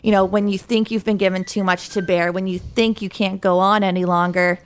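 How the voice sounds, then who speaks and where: Here a female guest shares her testimony in conversation, her mid-range voice clear and resonant, her tone steady, her pace brisk. She tells her faith story with candor and earnestness, sprinkling in small self-directed laughs.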